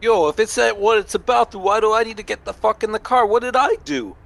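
A man's voice: high voice, fairly even intonation, fast, creaky, voice pushed up. A man playing a brash swearing gangbanger. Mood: indignant. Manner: swearing, indignant street slang. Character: brash young male street gangbanger.

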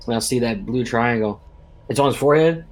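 A man's voice: medium pitch, brisk, slight background noise. A man playing a tabletop game, talking bluntly and jokingly with swearing. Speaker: player. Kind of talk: casual tabletop play.

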